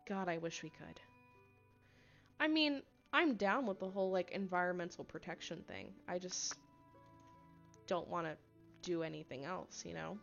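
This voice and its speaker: A woman's voice: on the low side, expressive, moderate pace, vocal fry, pauses often. A woman plays through a story game on stream, reading narration aloud and breaking off for wry, joking remarks and chat messages. Her audio is a bit dull and lo-fi, with faint music running underneath. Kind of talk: casual commentary with reading aloud.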